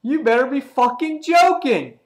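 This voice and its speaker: Swaggering foul-mouthed villain, man doing the voice, raised pitch, loud, mocking, crude. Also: normal speed, lightly acted.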